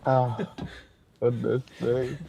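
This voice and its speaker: A man's voice: medium pitch, monotone, very slow, creaky, warm tone, a little hiss or hum. A man on a video call, chatty and laughing, swearing through casual banter as a guest. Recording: dull, dry video-call audio.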